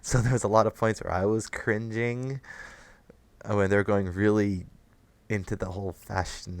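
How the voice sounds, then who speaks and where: Low-voiced man hosting a podcast. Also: brisk, dry recording. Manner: laughs often while recapping. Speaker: podcast host. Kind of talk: casual chat.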